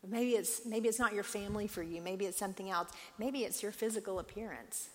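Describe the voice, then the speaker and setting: A woman in her forties teaching a Bible study, lively and conversational, acting out the voices she quotes. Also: mid-range voice, a little fast, in a large hall.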